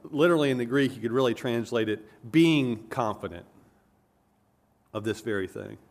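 An earnest man delivering an expository sermon at a middle pitch. He explains patiently and leans into key words with emphasis. Now and then he backs up and restarts a phrase mid-thought. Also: normal speed. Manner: earnest, emphatic teaching with self-corrections. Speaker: preacher.

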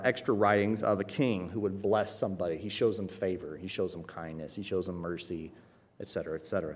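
A man preaching a sermon with emphatic conviction, often checking in with "right?" and swinging from low, quiet stress to raised emphasis.

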